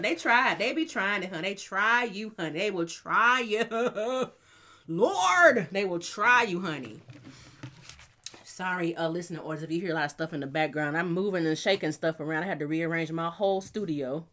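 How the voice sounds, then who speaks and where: A woman hosting a casual podcast from her home studio, chatty and lively, calling listeners honey and y'all. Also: fairly low pitch, normal speed. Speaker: podcast host.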